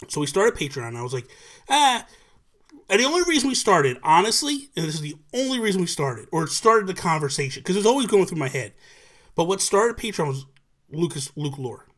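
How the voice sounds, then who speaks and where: A man's voice: fairly high pitch, fast. A man hosting a casual live talk show over a video call, telling stories animatedly and acting out what people said. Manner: animated storyteller who acts out quotes. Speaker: podcast host. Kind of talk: casual livestream chat.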